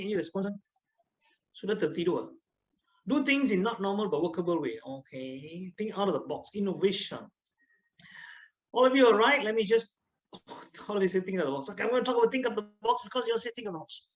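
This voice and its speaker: A middle-aged man with a Malaysian English accent giving a lively, teasing online lecture to students, often asking them questions. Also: sits high, fairly quick, long pauses, rough recording.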